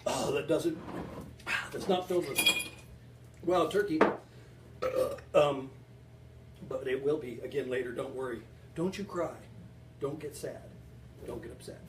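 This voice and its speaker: A man's voice: mid-range voice, measured pace, pauses often, background noise. A man hosting a home cocktail show, rambling and joking as he talks to his viewers while mixing a drink. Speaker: home bartending show host. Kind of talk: joking casual cocktail demo. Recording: echoey room, distant mic.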